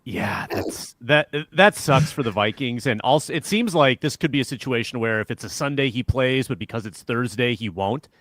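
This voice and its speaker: A man hosting a casual sports analysis show, brisk, steering the talk between panelists. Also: mid-range voice, animated, a bit bright, dry recording.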